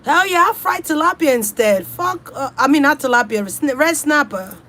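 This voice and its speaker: A woman's voice: high voice, expressive, moderate pace, pushed and bright. Profane, chatty woman host. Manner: loose, profane, chatty, talks straight to her audience. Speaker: online reader and host. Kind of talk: casual rambling chat to viewers.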